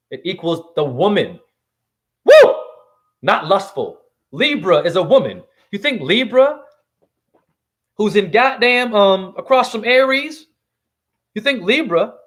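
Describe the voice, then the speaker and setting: A man giving a profane, rambling, heated livestream rant as a self-styled spiritual teacher. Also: extremely high pitch.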